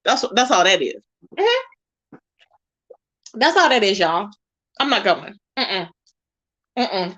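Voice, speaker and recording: A woman's voice: mid-range voice, very animated, takes it slowly, long pauses, fairly bright tone, highs cut off. A woman hosting a casual livestream, reading chat aloud and roasting a rival in a sassy way, calling viewers baby and boo. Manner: drawls endearments like baby and boo. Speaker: livestream host.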